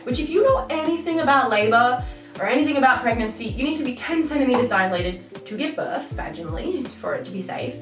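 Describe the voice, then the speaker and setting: A woman's voice: high-pitched, lively intonation, a little fast, distant mic. A young woman vlogging a candid, rambling story in an exasperated storytime manner. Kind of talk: storytime vlog. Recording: roomy echo, off-mic, music behind.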